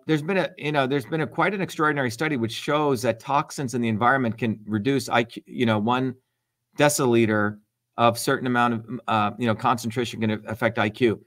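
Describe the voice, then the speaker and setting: A middle-aged host on a livestream talks bluntly and emphatically, heavy on the profanity, in a heated exchange. His voice is medium-pitched with a fairly bright tone.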